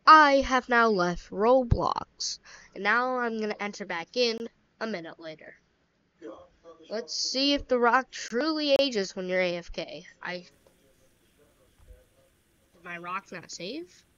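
A woman's voice: mid-range voice, expressive, unhurried, long pauses, a bit bright, clean tone, muffled recording. A woman giving casual gameplay commentary in an offhand, wry way with muttered asides. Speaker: gaming commentator.

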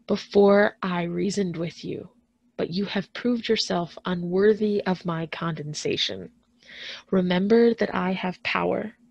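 A woman's voice: gravelly, husky, no echo, lo-fi sound, heavily acted. A woman voicing a smothered, vengeful monster. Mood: threatening. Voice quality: smothered, low and hushed. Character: wretched vengeful giant male creature. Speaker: school librarian.

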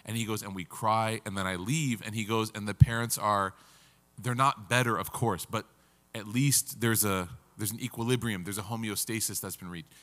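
A man, a religious teacher telling a moving story in an earnest, halting way, his voice breaking with emotion. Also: lowish voice, fairly even intonation, fairly bright tone. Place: community center hall. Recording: reverberant lecture hall.

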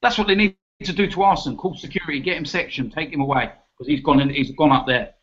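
A man, his voice a touch high, rants and mocks his way through a football debate. He swears now and then. The sound is muffled and lo-fi. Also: quick pace, fairly bright tone. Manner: mocking, ranting, swears. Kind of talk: heated debate banter. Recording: muffled lo-fi audio.

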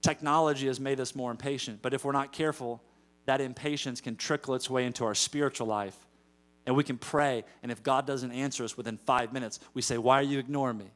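A man preaching a sermon as pastor in a church, moving between storytelling and loud emphatic calls to the congregation. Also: medium pitch, fairly even intonation, a little fast. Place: church sanctuary.

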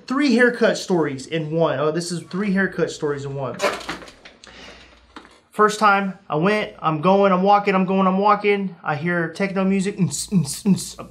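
A young man hosts a laid-back podcast, telling funny stories and acting out his own reactions with sudden leaps in his voice. His voice sits high and sounds a bit bright.

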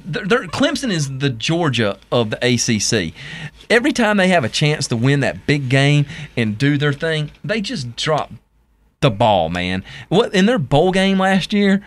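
A man with a Southern US accent co-hosting a casual sports talk show, excitable and often trailing off to restart his thought. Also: a little high, unhurried.

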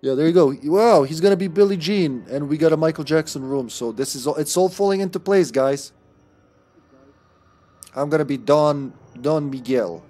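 A man's voice: a little high, moderate pace, mellow. A man from the American Midwest streaming a game live, joking crudely and laughing often as he plays. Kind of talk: casual gaming stream chat.

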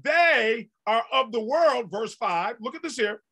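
Man, pastor, sermon, high-pitched, bright tense tone, shouted bursts, drawn-out emphasis. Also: lively intonation. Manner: preaching with sudden shouted peaks and drawn-out emphasis; folksy, conversational street talk.

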